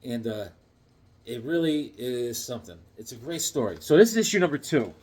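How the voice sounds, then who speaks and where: A man casually recapping a comic book story, animated and storytelling, acting out the characters. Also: medium pitch, moderate pace. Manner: frequent fillers and restarts.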